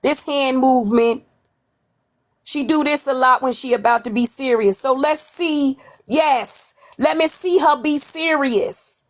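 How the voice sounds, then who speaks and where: A woman's voice: sits high, measured pace. A woman from New York hosting a livestream, putting on a Southern accent and talking in a blunt, sassy way, swearing freely as she comments on gossip from home. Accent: put-on Southern drawl. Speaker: livestream host. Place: at home, off camera.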